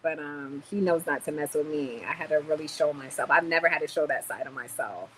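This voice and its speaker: A young woman vlogging casually on a livestream, tired and chatty, telling stories with sudden loud exclamations. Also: deep voice, brisk, slight background noise, rough recording.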